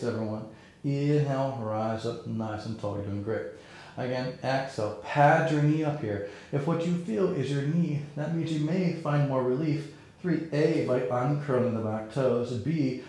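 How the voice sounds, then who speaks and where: A man leading a yoga class, giving calm, encouraging cues and counting through the poses. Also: mid-range voice. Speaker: yoga instructor. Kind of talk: guided yoga class instruction. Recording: very echoey room.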